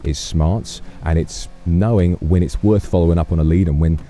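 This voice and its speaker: A man's voice: sits low, normal speed, warm tone, a little hiss or hum. A man with a Cockney accent playing a police officer in an online game roleplay, chatting and musing aloud with many restarts. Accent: Cockney London.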